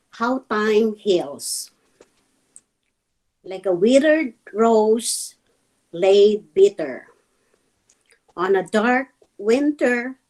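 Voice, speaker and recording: Woman poet, high voice, very slow emotional reading over a video call. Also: darkish tone, rough recording. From Dover, Delaware. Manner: slow, halting, emotional delivery. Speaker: poet at an open mic.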